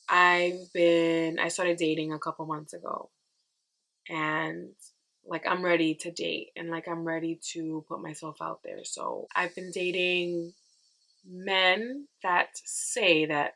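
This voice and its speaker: A young woman hosting a casual solo podcast, chatty and animated, telling stories and acting out her own reactions, with lots of "girl" and "like.". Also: fairly low pitch, a little slow, gravelly. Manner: says "girl" and "like" often. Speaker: podcast host.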